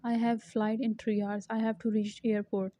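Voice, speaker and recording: A woman voicing a treacherous man cornered by a mafia boss in a storybook reading, in a flat, even way. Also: fairly high pitch, normal speed, lightly acted. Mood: nervous. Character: treacherous male gang rival, cornered. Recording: dull lo-fi recording.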